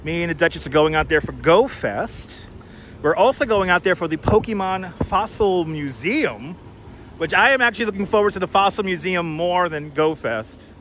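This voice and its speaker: A man's voice: high-pitched, lively intonation, normal speed, a bit bright. Chatty male street live streamer. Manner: chatty, joking, greets viewers by name. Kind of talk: casual walking live-stream chat. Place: outdoors on city streets. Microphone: wireless clip-on mic. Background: faint city traffic.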